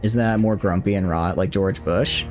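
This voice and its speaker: A young man with a Southeastern US Southern accent talks casually on a stream while playing a strategy game. His voice sits a bit low, and he rambles, backs up and corrects himself as he answers chat. Faint game music plays underneath. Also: fairly even intonation, moderate pace, a little mellow. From Southeastern United States.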